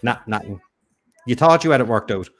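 A man's voice: mid-range voice, expressive, fairly quick. A man co-hosting a live quiz stream, chatting casually and teasing his partner, often restarting his sentences. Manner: teasing, rambling, many restarts. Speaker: quiz show co-host.

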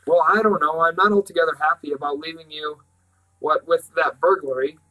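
A man's voice: fairly high pitch, steady tone, fairly quick, bright, forceful tone, poor audio. A man reading a cheerful, jovial father.

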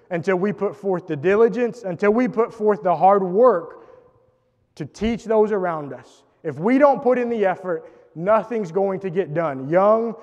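A man's voice: sits high, darkish tone. A man preaching a sermon in an earnest, emphatic way, recorded in a church auditorium. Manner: earnest, emphatic preaching with rising intensity on quotes. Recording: dull sound in a reverberant church hall.

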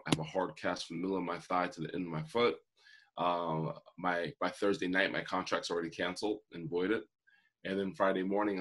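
A man in his forties, a guest telling his life story in an earnest, vivid way. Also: sits low. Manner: earnest, vivid storyteller who acts out quotes. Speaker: guest, motivational speaker. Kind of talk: personal storytelling in an interview.

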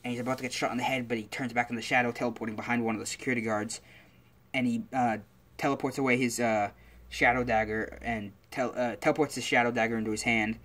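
A man's voice: mid-range voice, steady tone, fast, a bit bright. A man telling a story casually, rambling along with lots of fillers and restarts.

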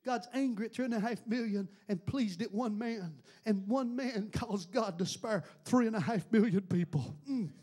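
High-voiced pastor preaching fervently. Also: male voice, moderate pace, hardly any pauses, dark tone, husky. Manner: fervent, repetitive rhetorical questions. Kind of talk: sermon. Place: church building before a congregation.

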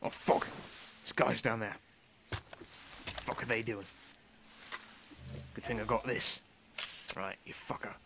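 Gravelly man swearing through game commentary. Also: medium pitch, slow, pauses often, noisy background. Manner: swears constantly, sudden excited outbursts. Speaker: gameplay commentator. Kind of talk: comedic in-character game commentary.

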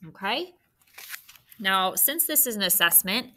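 In a lowish voice that's bright and forceful, a woman runs a phonics lesson for third graders. Patience and encouragement mark her teaching, along with slow, clear speech.

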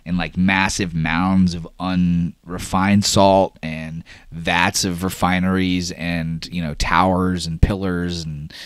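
A man's voice: low-pitched, little pitch movement, takes it slowly, hardly any pauses, smooth, no echo. A man narrating a tabletop game as game master, in a casual, rambling way with many fillers.

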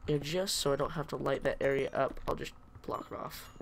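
A man's voice: medium pitch, fairly even intonation, fairly quick, gravelly, a little hiss or hum. A man giving casual commentary over his own gameplay, chatty and jokingly self-pitying, talking back to the creatures in the game. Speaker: let's play gamer.

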